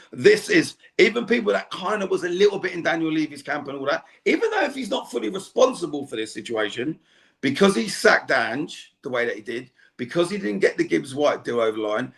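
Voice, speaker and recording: A man's voice: on the high side, creaky, a bit bright. A man speaking as a fan guest on a podcast, ranting angrily and swearing in heated chat. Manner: angry, swearing rant. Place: home.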